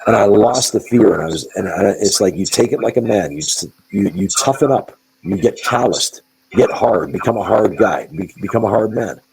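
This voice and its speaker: Gravelly deep-voiced blunt man. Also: moderate pace, darkish tone, slight background noise, poor audio. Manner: blunt, profane, emphatic, with repeated restarts. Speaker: wrestling promoter and guest. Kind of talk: candid interview storytelling.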